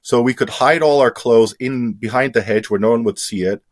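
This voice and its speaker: A man's voice: medium pitch, normal speed. Brief: young adult male interview guest, candid storyteller, casual and unpolished, swears easily. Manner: candid, swears freely, many fillers.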